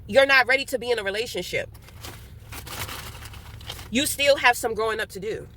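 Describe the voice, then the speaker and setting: A woman's voice: fairly high pitch, moderate pace, bright, forceful tone, a little hiss or hum. A young woman talking candidly in a casual monologue. She swears freely, laughs often, and talks while eating. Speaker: vlogger.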